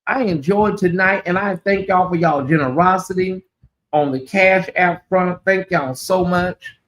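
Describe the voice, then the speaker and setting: A man's voice: sits high, measured pace, a bit bright. A man hosting a casual livestream chat, sassy and chatty, calling his listeners honey and y'all. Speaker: channel host.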